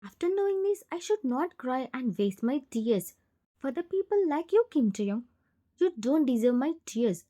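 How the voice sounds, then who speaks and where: A woman's voice: high voice, very animated, moderate pace, dark tone. A woman reading a heartbroken young woman. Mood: hurt, accusing. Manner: tearful, accusing.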